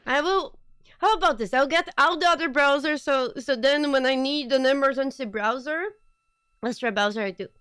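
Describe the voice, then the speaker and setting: Bubbly high-voiced woman streamer. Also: normal speed, dry recording, clean studio sound. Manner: excitable, giggly, rambling asides. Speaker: streamer hosting a watch party. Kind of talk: casual live-stream chat.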